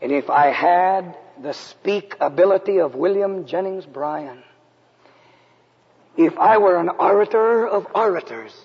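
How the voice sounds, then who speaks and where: A man preaching a personal testimony in a sermon, moving from loud, raised lines to hushed, quiet ones. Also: high-pitched, lively intonation, a little slow, slightly rough. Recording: dull lo-fi recording with long hall reverb.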